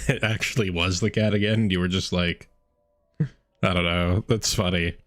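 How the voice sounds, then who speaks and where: A man's voice: low-pitched, steady tone, a little slow, a bit bright, no room sound, clean studio sound, soft background music. A man playing a story game and reading it aloud, breaking off into casual joking and swearing asides. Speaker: let's play gamer. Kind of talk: casual gameplay commentary.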